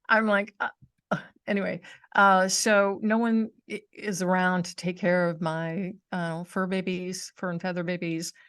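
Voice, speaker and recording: A middle-aged woman chatting on a podcast over a video call, with a somewhat low voice. She tells her story animatedly, often laughing and putting on the voices of the people in it. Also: flat delivery, measured pace, a bit bright, clean tone, no room sound. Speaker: podcast host. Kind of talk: casual chat.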